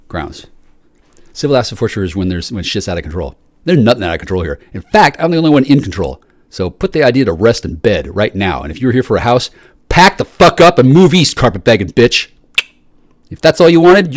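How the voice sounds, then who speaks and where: Ranting, profane man with wild pitch swings. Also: dry recording, clean studio sound. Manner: profane, combative, stammering restarts. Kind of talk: angry solo rant to camera.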